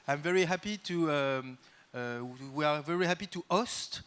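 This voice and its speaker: A man with a French accent, a native French speaker, giving an improvised welcome speech to a live audience as host, halting often as he searches for English words. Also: a little high, a bit bright, clean tone. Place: event venue, addressing a live audience.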